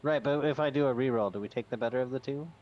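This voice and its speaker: A man's voice: medium pitch, racing, dull audio, a little hiss or hum. A man playing a scheming cat in a tabletop game, theatrical and mock-sinister. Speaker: player.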